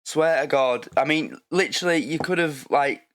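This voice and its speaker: A man's voice: on the high side, moderate pace, fairly bright tone. A man hosting a reaction video, rambling in a casual, sweary way.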